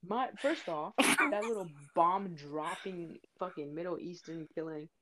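A woman's voice: fairly low pitch, unhurried, fairly bright tone, no echo. A young woman from South Florida hosting a casual podcast chat, rambling off on tangents and swearing freely. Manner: rambling, swears, says "you know what I mean" often. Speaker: podcast host.

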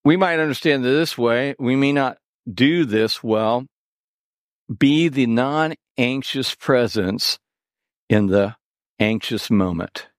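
A male pastor delivering a sermon at a slow, deliberate pace. His delivery is animated, swinging up and down with sarcastic asides. The sound is close and dry, with no room echo. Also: medium pitch.

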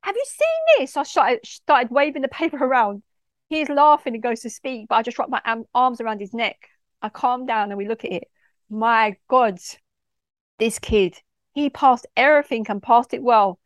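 A woman, a school mentor, telling a personal story in a heartfelt, expressive way with local slang. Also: on the high side, normal speed, no echo, clean studio sound.

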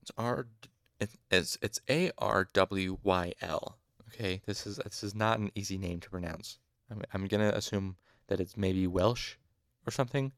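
Male fan audiobook reader, low gravelly voice, dry close sound. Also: steady tone, unhurried, no room sound. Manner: casual asides, mild exasperation at hard names.

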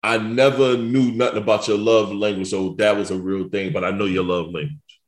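A man's voice: on the low side, moderate pace. A man, co-hosting a podcast in casual, profane, joking chat. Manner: profane, joking, animated storytelling. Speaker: podcast co-host. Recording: roomy echo.

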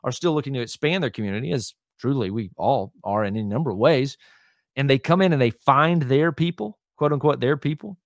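Speaking in a mid-range voice with no echo and a clean studio sound, a man who leads a church talks casually in a podcast interview. His emphatic teaching leans on "right?" and "hear me," and he often restarts, uses fillers, and drops quick asides.

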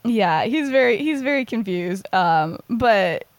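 A woman's voice: medium pitch, expressive, no room sound. A young woman co-hosting a podcast, recapping a story in casual chat, rambling with lots of "like". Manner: rambling, heavy use of "like", quick giggles. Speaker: podcast co-host.

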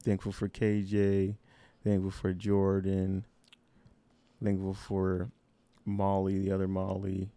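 A man chats casually on a podcast, drifting between thoughts. His voice sits a touch low, and the sound is dry and close. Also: monotone, slow, mellow, clean tone, no echo. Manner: laid-back, rambling, lots of fillers and laughs. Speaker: podcast co-host. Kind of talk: casual chat.

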